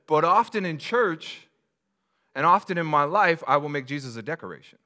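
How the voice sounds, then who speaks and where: A man's voice: on the high side, lively intonation, moderate pace, sharp tone. A man preaching a sermon to his congregation, in a conversational style with rhetorical questions and frequent restarts. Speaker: pastor.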